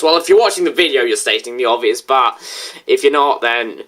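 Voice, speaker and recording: A woman giving casual commentary over a reaction video, blunt and sarcastic, quick to correct others. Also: rumbling low, lively intonation, slight background noise.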